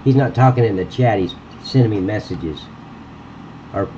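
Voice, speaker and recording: A man's voice: lowish voice, normal speed, dark tone, highs cut off, slight background noise. A man livestreaming while he edits a game map, talking bluntly and cursing freely as he chats to viewers. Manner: blunt and profane, ranting at a critic. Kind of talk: live-stream chat while editing.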